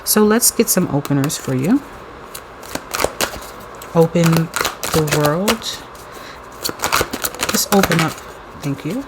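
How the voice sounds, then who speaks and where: A woman giving a casual pick-a-card tarot reading, excitable and playful, with slang and free swearing. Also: fairly low pitch, unhurried, pauses often, very noisy.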